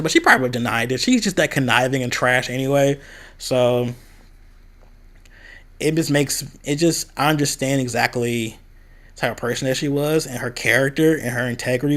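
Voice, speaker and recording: A man's voice: mid-range voice, a bit bright. A young man from the American Midwest, talking candidly in a casual vlog and venting about a past job. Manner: candid, venting, quoting others in a raised voice. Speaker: vlogger.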